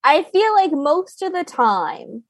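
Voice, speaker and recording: Woman co-host, giggly, hesitant, slow-paced, lively pitch. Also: no echo. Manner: giggly, hesitant, lots of fillers. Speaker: podcast co-host. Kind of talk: casual podcast chat.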